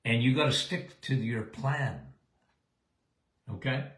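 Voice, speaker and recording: A man's voice: medium pitch, takes it slowly, fairly bright tone, reverberant. An older man hosting a live Q&A show as a doctor answering listener questions, folksy and emphatic, often checking in with "okay?".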